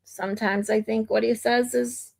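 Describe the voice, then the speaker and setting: A woman's voice: on the high side, fairly even intonation, normal speed, vocal fry, darkish tone. A woman streamer from the United States giving blunt, opinionated commentary in a casual ranting manner.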